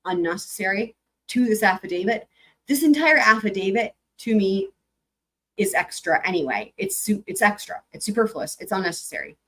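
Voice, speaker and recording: A woman hosting a live stream, reading court filings aloud and commenting on them in a chatty, animated way. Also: mid-range voice, rough recording. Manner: chatty, animated, breaks into sung snippets.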